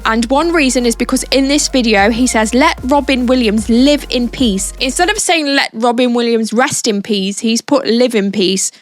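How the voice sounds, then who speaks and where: A chatty woman with a slightly high voice walks through clips as a commentary host. Her talk is conversational and explanatory, with faint music underneath. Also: moderate pace, hardly any pauses, dry recording. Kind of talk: casual commentary on social clips.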